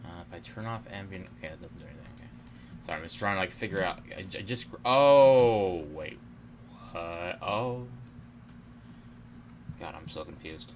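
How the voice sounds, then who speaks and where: Deep-voiced guy streaming, mumbling and cursing at his screen, keyboard clacking over a noisy mic. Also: animated, moderate pace, pauses often. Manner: mutters to himself, swears often, self-deprecating laughs. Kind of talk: casual live-stream chatter while working.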